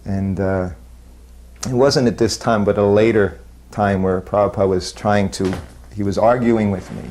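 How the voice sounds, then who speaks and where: Guy with a lowish voice telling stories from his past, easygoing and a bit self-mocking. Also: steady tone, a little hiss or hum. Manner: unhurried, self-deprecating storytelling with soft laughs. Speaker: disciple recalling memories. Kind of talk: spoken reminiscence.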